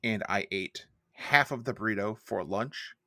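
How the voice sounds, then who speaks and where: Casual male co-host, gravelly, dry mic, rambling self-mocking talk. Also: lowish voice, measured pace, bright, forceful tone, no echo. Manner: rambling, self-deprecating storytelling. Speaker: podcast co-host and editor. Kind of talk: casual chat.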